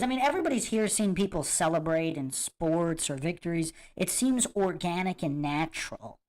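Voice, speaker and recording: A man hosting a livestream, chatting casually to viewers and reacting to clips with a musing, emphatic manner that repeats points. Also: high-pitched. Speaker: host of a livestream commentary show.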